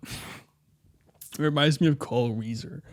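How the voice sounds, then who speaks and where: A man's voice: fairly high pitch, takes it slowly. A man from Denmark co-hosting a podcast, joking around and swearing freely in casual chat. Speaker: podcast co-host.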